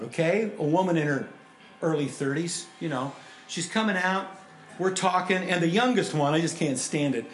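A male pastor preaching a sermon with stories, animated, swinging between loud emphasis and hushed softness. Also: fairly high pitch, slight background noise. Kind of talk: sermon with storytelling. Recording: echoey room with faint background ambience.

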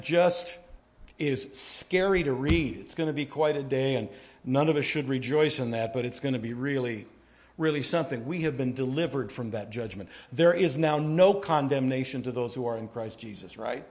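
A middle-aged man preaching a sermon, telling rambling personal stories and swinging from hushed asides to excited emphasis. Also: on the high side. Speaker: pastor.

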